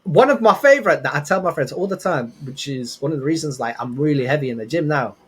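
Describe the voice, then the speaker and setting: A man's voice: a little high, quick pace, breathy edge. A young man, a podcast guest, telling casual rambling stories with lots of restarts. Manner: rambling, animated anecdotes with many restarts. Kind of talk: casual storytelling.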